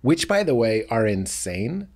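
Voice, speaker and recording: Brief: an animated male comedian guest, mid-pitched, riffing casually. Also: measured pace. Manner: animated, riffing, playful bits. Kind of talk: casual comedy podcast chat.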